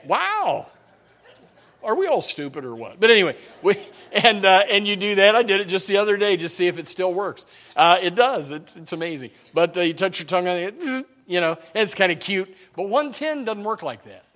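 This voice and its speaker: A man delivers a sermon in a rambling, folksy way, circling back through stories with frequent restarts. His voice sits a little high and has a bright, forceful edge. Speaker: preacher.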